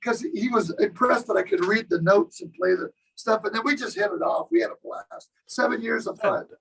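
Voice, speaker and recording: A drummer in his sixties telling stories in a casual interview, animated and acting out the lines of people he talks about. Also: high voice, moderate pace, creaky, poor audio. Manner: animated storyteller who acts out other people's lines. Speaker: guest drummer.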